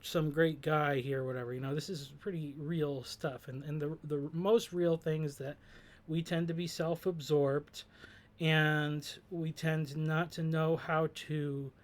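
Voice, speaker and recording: Thoughtful man musing over lyrics. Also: fairly high pitch. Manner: thoughtful, hesitant, many fillers and restarts. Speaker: host discussing song lyrics. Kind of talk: reflective commentary.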